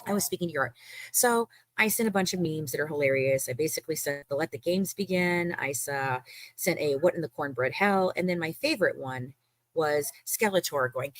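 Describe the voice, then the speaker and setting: A woman from the United States, somewhere in middle age, speaks in a slightly low register with no room sound around her. She tells a profane story in casual chat, animated and full of swearing, slipping into the voices of the people she quotes. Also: fairly quick, no echo, clean studio sound.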